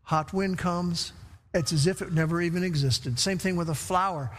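High-voiced preacher in a reverberant hall. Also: male voice, normal speed. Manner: animated, asks the congregation questions, repeats phrases for emphasis. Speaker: pastor. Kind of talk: sermon. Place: church sanctuary.

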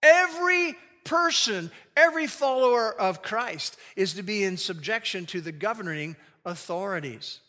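A man preaching a sermon as pastor, leading the congregation in reciting a phrase together and slowing down to stress key words. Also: high-pitched, lively intonation, a bit bright, big-room sound. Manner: leads congregation in call-and-response recitation.

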